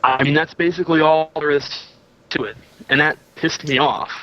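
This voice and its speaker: A man's voice: on the high side, fairly even intonation, moderate pace, fairly bright tone. A man with a slightly raised voice talks sheepishly and owns up to his mistakes. His voice comes through dull and muffled, as if over a remote call. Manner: sheepish, admits fault. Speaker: guest. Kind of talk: casual call-in talk.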